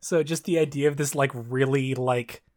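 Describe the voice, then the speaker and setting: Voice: mid-range voice, fairly even intonation, moderate pace, a little mellow. A speaker with a Southern Ontario Canadian accent, chatting casually as a podcast co-host, rambling, swearing and often breaking into laughter. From Canada, Southern Ontario near Toronto. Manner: rambling, profane, lots of laughter and restarts. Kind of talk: casual chat.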